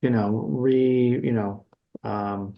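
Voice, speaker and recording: A man's voice: medium pitch, steady tone, slow pace, creaky, highs cut off. A middle-aged man, a guitarist and music teacher, talking casually in an interview, rambling with many fillers and restarts. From Buffalo, New York area. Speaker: guest guitarist and music educator.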